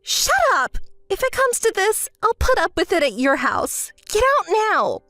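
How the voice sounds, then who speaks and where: A woman voicing a spoiled, unstable young woman who whines and shouts her demands in a texting story. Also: extremely high pitch, sing-song, moderate pace, dry recording, studio quality, faint music behind, voice pushed up, exaggerated voice. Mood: shrieking.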